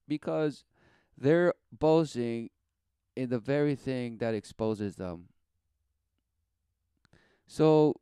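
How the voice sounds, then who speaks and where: A man's voice: medium pitch, dark tone, clear, resonant tone, dry recording, studio quality. A man giving a rambling, sarcastic, preachy commentary as he reacts to a podcast clip. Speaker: religious commentator.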